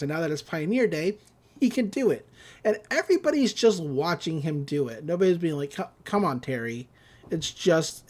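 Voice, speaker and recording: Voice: medium pitch, darkish tone. A podcast host casually recapping a cartoon episode, amused and rambling, slipping into quoted voices.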